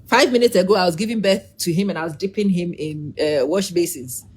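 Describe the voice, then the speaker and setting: A middle-aged woman giving a casual, animated opinion monologue, preachy and teasing, calling out to viewers by name. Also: fairly low pitch, a little fast, slightly rough. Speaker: vlogger.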